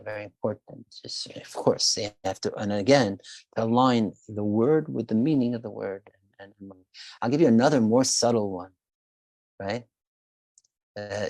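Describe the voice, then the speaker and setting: Leading an online Torah lesson, he sprinkles in Hebrew words, frequently pausing and repeating himself as he gropes for the right expression. He has a lowish, gravelly, somewhat mellow voice, captured without any room sound.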